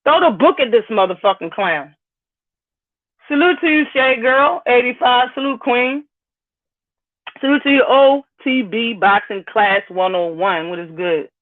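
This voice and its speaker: A woman's voice: fairly high pitch, a little slow. A woman hosting a live stream, ranting bluntly and profanely while greeting viewers in the chat. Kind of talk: heated live-stream rant. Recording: phone-like lo-fi audio.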